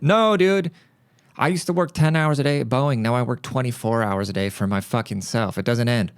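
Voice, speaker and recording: A male podcast host rants casually, telling stories in a blunt and profane way. His voice is clear and smooth, at a middle pitch for a man, recorded dry and close. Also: animated, fairly quick, no echo. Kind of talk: casual rant monologue.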